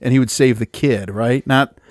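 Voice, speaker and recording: A man's voice: medium pitch, normal speed, no echo, studio quality. A man casually chatting about a movie with his co-host, laid-back and joking. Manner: laid-back, says "dude" and "right?" a lot. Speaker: podcast co-host.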